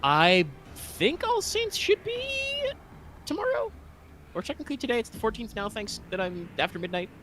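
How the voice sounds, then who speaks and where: A man's voice: sits high, big pitch swings, normal speed, fairly bright tone, slight background noise. A man co-hosting a casual game stream, talking in a rambling, hesitant way full of fillers. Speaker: stream co-host.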